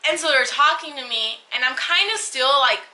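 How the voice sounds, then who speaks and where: A young woman vlogger with a high, sharp voice tells a personal story at normal speed, expressive and emotional. She rambles casually, full of fillers and restarts, and the recording quality is low.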